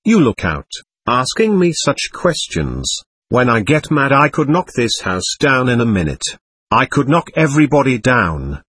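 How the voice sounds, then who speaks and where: A man reading aloud the lines of a quick-tempered, stubborn male spirit in a séance record, defiant and threatening. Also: mid-range voice, wildly swooping pitch, fairly bright tone, husky, no echo, full character voice.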